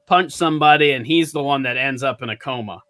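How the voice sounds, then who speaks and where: Bright-voiced, laughing comedy podcast host. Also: male voice, medium pitch, fast talker, no room sound. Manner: laughing, loose and chatty. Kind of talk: casual comedy workshop chat.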